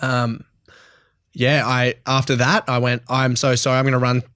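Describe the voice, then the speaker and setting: A man's voice: mid-range voice, level tone, normal speed, fairly bright tone, smooth, no echo. A young Australian man in his twenties speaks as a podcast guest, blunt and raw, swearing freely. His voice sits in an ordinary middle register. The sound is dry and close, with no room around it. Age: 20s. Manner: blunt and emotional, swears freely, laughs often. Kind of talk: candid podcast interview.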